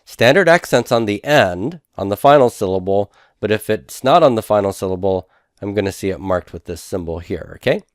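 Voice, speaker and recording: A man teaching a recorded lesson in a methodical way, repeating each word slowly for his students. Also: on the low side, expressive, no room sound, studio quality. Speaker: Hebrew instructor. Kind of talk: recorded lecture over handouts.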